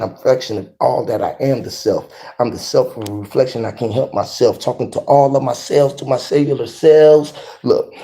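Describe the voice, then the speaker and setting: A man's voice: mid-range voice, warm tone. A man vlogging from his garage, giving a rambling, profane motivational monologue full of rhyming wordplay and repeated catchphrases. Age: adult. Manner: rambling, profane, rhyming wordplay, repeats "you feel what I'm saying". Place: home garage.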